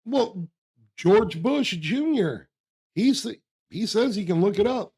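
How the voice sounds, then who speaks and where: A man's voice: sits high, lively intonation, slow pace, darkish tone, breathy edge. A man co-hosting a casual podcast chat, talking in a blunt, folksy, emphatic way. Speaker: podcast co-host.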